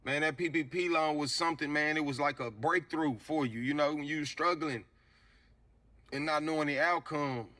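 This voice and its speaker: A man's voice: on the high side, normal speed, bright, forceful tone. A man talking casually to camera, rambling with lots of fillers.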